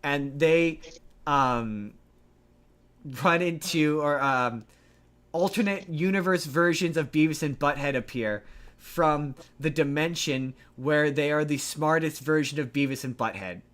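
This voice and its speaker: A man with a fairly high voice recaps a film on a podcast. He rambles, restarts his sentences and lurches from one plot point to the next. His telling is loose, chatty and animated. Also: unhurried. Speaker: podcast co-host. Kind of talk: casual movie recap chat.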